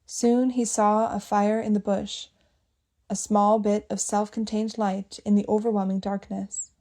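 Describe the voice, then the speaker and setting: Warm, measured female audiobook narrator. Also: medium pitch, little pitch movement.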